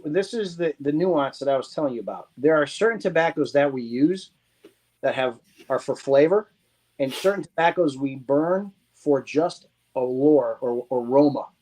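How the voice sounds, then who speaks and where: Animated man explaining, higher voice. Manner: animated, teaching tone, acts out quotes. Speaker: guest, cigar blender. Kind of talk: casual explanatory chat.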